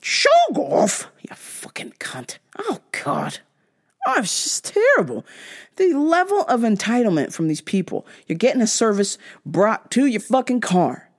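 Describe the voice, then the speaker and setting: A woman host, animated and profane, swinging her pitch widely. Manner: profane, exasperated storytelling; animated, mimics others in high-pitched voices. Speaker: podcast host. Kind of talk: ranting storytime.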